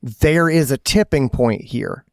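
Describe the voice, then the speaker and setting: A man's voice: mid-range voice, slow pace, no echo, studio quality. A middle-aged man co-hosting a podcast in casual chat, telling a story and acting out his own quotes with energy. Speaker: podcast co-host.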